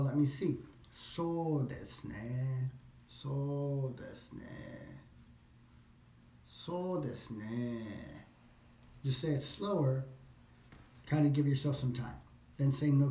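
A man practicing phrases along with a language course, repeating them slowly, thinking aloud and correcting himself. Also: mid-range voice, warm tone, a little hiss or hum. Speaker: language learner. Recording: echoey room.

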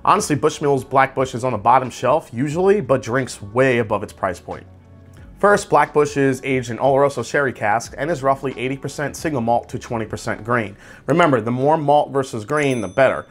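A man hosting a casual whiskey tasting review, describing tasting notes aloud in a relaxed, conversational way. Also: mid-range voice, a little fast, soft background music. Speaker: whiskey reviewer, channel host.

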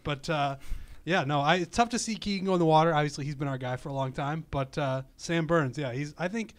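Man, quick speech, higher voice, golf podcast co-host, excitable casual chat.

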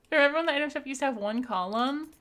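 Bright, bubbly young woman streamer. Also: high voice. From Canada. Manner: bubbly and chatty, thanks viewers, laughs often. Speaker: live streamer. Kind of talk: casual live-stream chat over gameplay.

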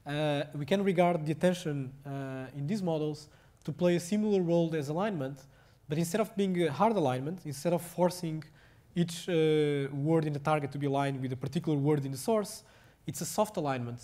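A young adult man with a Portuguese accent giving a technical lecture, speaking haltingly with many fillers and restarts. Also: on the high side, warm tone.

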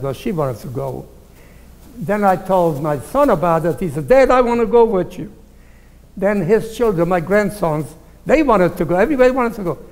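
A man's voice: high voice, a little mellow. Older man telling his story in a hall. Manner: plain spoken, repeats quoted dialogue. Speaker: Holocaust survivor speaker. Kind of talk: storytelling talk to an audience. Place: recital hall. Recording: long hall reverb.

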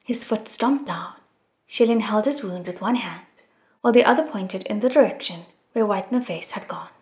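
A woman narrating an audiobook in an expressive, soft reading style. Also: mid-range voice, moderate pace. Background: soft music.

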